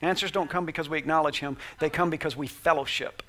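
A male pastor preaching an animated, conversational sermon who slips into acted-out quotes. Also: a little high, quick pace.

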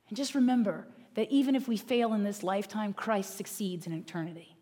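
A woman's voice: medium pitch, lively intonation, brisk, few pauses, dark tone. A woman pastor giving a sermon in an earnest, conversational way.

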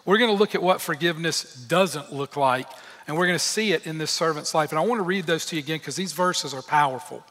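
A man's voice: on the high side, fast talker, a bit bright. A man preaching a sermon as pastor, earnest and emphatic, with candid personal asides. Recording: long hall reverb.

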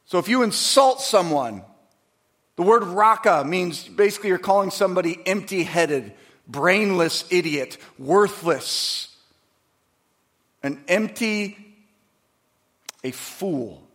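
A pastor delivering a sermon, moving between quiet, conversational asides and loud, emphatic preaching, acting out quoted voices. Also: male voice, high-pitched, animated, slow pace, pauses often. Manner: acts out quoted voices dramatically.

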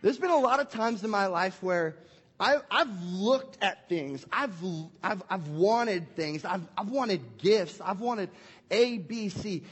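High-voiced energetic young pastor, echoey hall. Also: male voice, takes it slowly, breathy edge. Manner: energetic and playful, acting out scenes. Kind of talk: family Christmas sermon. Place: church hall. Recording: echoey hall with long reverb.

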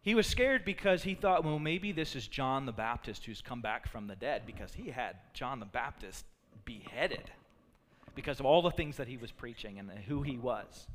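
A man preaching a sermon as a pastor, animated and storytelling, acting out quotes from the people in his story. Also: medium pitch, moderate pace, slight background noise. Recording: long reverb of a large hall.

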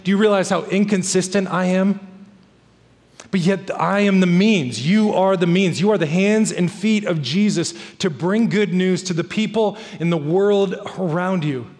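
High-voiced preacher man in a reverberant hall. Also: normal speed, few pauses, darkish tone. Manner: emphatic, repeats key phrases. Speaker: pastor. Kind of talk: sermon.

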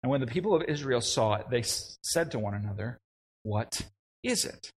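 A young adult man preaching a sermon, animated, with frequent restarts and conversational asides. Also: mid-range voice, fast, a little hiss or hum. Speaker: pastor.

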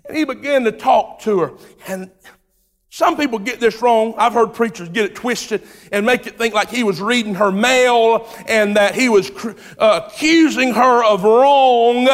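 A man preaching a sermon, telling a story in a relaxed way, acting out its voices and building to shouted preaching. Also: very high voice, a little slow. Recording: long hall reverb.

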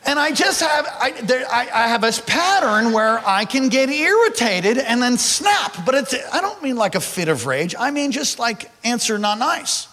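A man's voice: extremely high pitch, moderate pace, few pauses, big-room sound. A man preaching a sermon, telling a personal story and speaking directly to his congregation. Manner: animated, addresses congregation directly. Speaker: pastor. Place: large hall or church.

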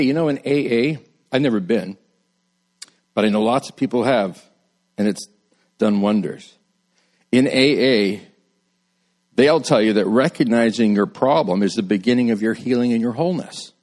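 A middle-aged man preaches a sermon as a pastor, talking to his congregation in a loose, conversational way at a mid-range pitch. When he quotes people his voice leaps upward, and for weighty points he drops low and soft. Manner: conversational, rises high when quoting people, drops low and quiet for emphasis.

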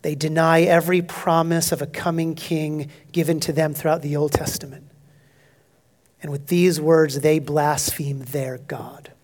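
A male pastor preaching an expository sermon, emphatic, swinging between loud declarations and hushed, near-whispered asides. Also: a little high, little pitch movement, normal speed.

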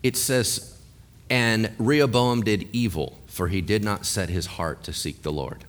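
A man preaching a sermon, telling a Bible story with animated acted-out voices and asking his listeners questions. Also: lowish voice, normal speed. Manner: animated storytelling, acts out quoted voices, asks the audience questions. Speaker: pastor.

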